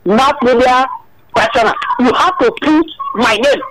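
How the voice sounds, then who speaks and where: A man's voice: very high-pitched, big pitch swings, a little slow, gravelly, background noise. A Nigerian man calling in to a radio show, explaining his point at length and often asking whether the host follows. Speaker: radio phone-in caller. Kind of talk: phone-in radio chat.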